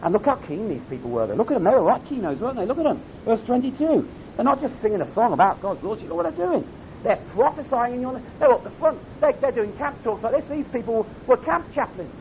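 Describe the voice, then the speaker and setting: A man's voice: very animated, fast talker. A man preaching a sermon at a camp, earnest and direct, often putting questions to his audience. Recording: dull lo-fi recording with faint rumble.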